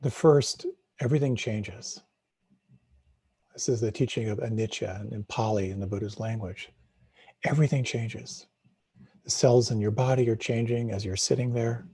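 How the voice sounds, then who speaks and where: A middle-aged man leads a live meditation talk in a reflective, questioning way, often restarting and repeating words. His voice is husky and mellow, with a gravelly edge. The sound is dry and close. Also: medium pitch, moderate pace, pauses often, no room sound. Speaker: meditation teacher.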